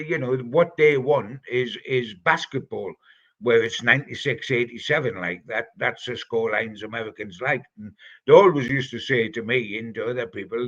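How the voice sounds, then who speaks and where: A man's voice: medium pitch, a bit bright, dull audio. An older man with a Geordie accent, a football pundit telling fond, rambling anecdotes on a fan podcast. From North East England. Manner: chatty, anecdotal, fond reminiscing. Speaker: football pundit answering listener questions. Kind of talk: storytelling, casual podcast chat.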